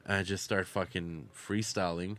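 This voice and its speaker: A man's voice: low voice, flat delivery, moderate pace, fairly bright tone. A man, a battle rapper, tells crude, boastful stories in casual chat at a bar. He swears freely and laughs often.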